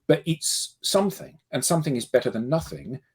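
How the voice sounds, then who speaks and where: Man, husky, animated pitch, emphatic, rhetorical questions, panel talk. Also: a little fast. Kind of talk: casual panel discussion.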